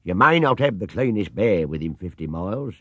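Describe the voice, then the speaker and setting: Man playing a jovial male chimney sweep, loud, chirpy, working-class speech, lively pitch. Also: brisk, no room sound, full character voice.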